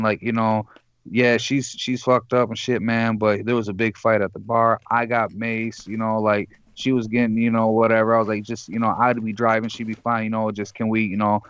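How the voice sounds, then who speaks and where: A man's voice: lowish voice, flat delivery, fairly quick, a bit bright, clean tone, dry recording, lo-fi sound. A man from Michigan, calling in as a guest and telling a long profane story, acting out the people in it. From Michigan, USA. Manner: profane, rambling, acts out the other people in the story. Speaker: caller guest. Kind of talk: casual storytelling.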